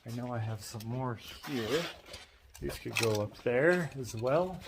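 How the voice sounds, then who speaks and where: A man's voice: medium pitch, lively intonation, unhurried, creaky, noisy background. A man vlogging casually in his woodworking shop, rambling with lots of fillers and self-deprecating asides.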